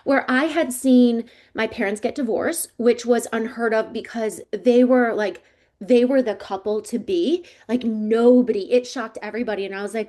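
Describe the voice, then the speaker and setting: A woman in her forties telling her life story as a psychic coach in an interview, casual and chatty, slipping into lively voices when quoting others. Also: fairly high pitch, moderate pace. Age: 40s.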